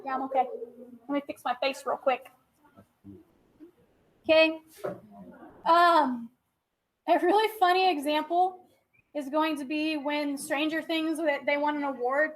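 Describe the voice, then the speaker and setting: A young woman gives a classroom lecture in a very high voice. She talks in a chatty way and keeps checking that her students follow. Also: steady tone, normal speed, poor audio. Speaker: teacher.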